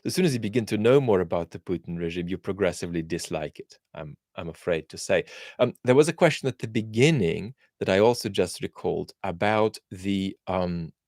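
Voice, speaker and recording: A man's voice: deep voice, lively intonation, brisk, darkish tone, no echo, clean studio sound. A man born in Russia hosting a live question-and-answer chat, thinking aloud and answering viewers with frequent ums and restarts. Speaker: host.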